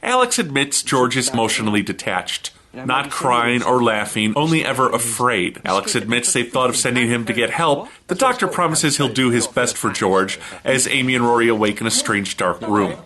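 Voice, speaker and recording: A man hosting a comedy review show, giving a snarky, deadpan recap narration. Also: medium pitch, normal speed, crowd noise.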